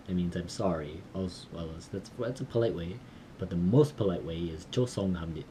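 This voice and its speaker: A man recording a casual study vlog, slowly sounding out and repeating words he is learning, with small self-deprecating laughs. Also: low voice, darkish tone, slight background noise. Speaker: language learner vlogger.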